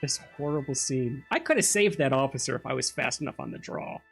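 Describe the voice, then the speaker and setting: A gamer giving chatty, jokey, excitable commentary during a playthrough and talking back to the game characters. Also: medium pitch, brisk, creaky, husky. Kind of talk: let's-play commentary. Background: loud game music and sound.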